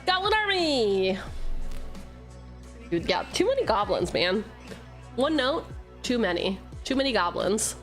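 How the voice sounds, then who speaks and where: A woman streamer with a medium-pitched voice and big pitch swings chats casually at normal speed while opening card packs, soft music in the background. She reads the cards aloud, jokes at her own expense and swears freely, jumping playfully between jokes and reading.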